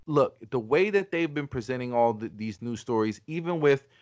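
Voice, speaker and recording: A man of middle pitch making his case on a casual podcast, forceful and argumentative, with lots of restarts and swearing. His voice sounds close and dry, with almost no room around it. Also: lively intonation, moderate pace, no echo. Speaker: podcast host.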